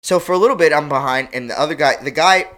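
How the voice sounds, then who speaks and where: A young man hosting a casual chat, telling an animated, slangy story and acting out quotes. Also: a little high, fast. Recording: loud background noise.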